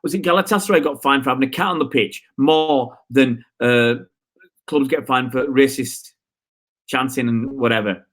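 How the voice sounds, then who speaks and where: A man's voice: medium pitch, moderate pace, fairly bright tone. A man hosting a live football stream, ranting in frustration and answering viewer comments with rhetorical questions. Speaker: football channel host.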